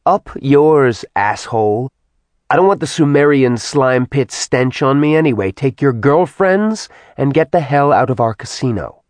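A male narrator voicing a crude, cocky young male demon in a loud, sneering delivery. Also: mid-range voice, expressive, unhurried, no echo, pitched above the performer's own voice, lightly acted.

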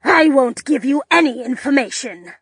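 A woman doing a gruff, muffled bandaged stranger. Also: sits high, animated, moderate pace, dry recording, studio quality. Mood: defiant. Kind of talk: audiobook character voice.

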